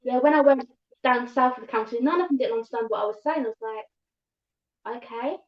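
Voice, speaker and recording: A woman with a thick southern English accent talks fast and rambles, doubling back on her words. Her voice sits a little high. The sound is echoey and dull, like a room captured on a livestream. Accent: southern English, London-tinged. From England, north of London. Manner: fast-talking, rambling with restarts. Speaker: livestream guest. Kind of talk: casual chat.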